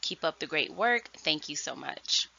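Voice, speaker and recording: Slow-spoken woman teaching first grade. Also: low voice, animated, bright, forceful tone. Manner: slow, clearly enunciated teacher talk. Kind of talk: virtual classroom lesson. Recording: dull lo-fi sound.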